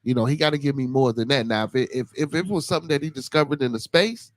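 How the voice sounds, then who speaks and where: A man with a Chicago accent hosting a casual call-in podcast, talking deliberately, stumbling over repeated words and calling people "man" and "brother.". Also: mid-range voice, no echo. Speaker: podcast host.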